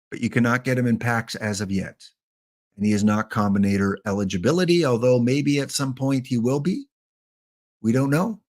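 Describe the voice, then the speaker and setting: A man casually hosting a game live stream, chatting and joking with viewers by name. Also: mid-range voice.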